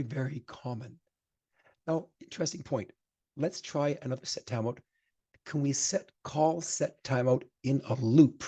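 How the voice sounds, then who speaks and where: A man's voice: medium pitch, warm tone, husky. A man teaching programming in a live-coding lecture, chatting and thinking aloud as he types, growing emphatic when he gives advice. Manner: chatty, thinks aloud while typing code. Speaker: programming instructor.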